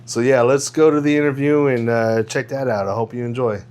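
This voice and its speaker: A man's voice: mid-range voice, fairly even intonation, fairly quick, a little mellow, clear, resonant tone. A man from Houston hosting a casual podcast, rambling through a story with restarts and frequent laughs. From Houston, Texas. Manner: rambling, self-correcting storyteller who laughs often. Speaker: podcast host.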